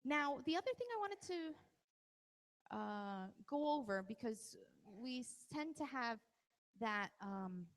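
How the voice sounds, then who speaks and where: A woman's voice: fairly high pitch, big pitch swings, slow pace. A woman presenting a parenting workshop to a live audience, talking conversationally and teasing people in the crowd by name. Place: large hall at a live event. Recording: long hall reverb.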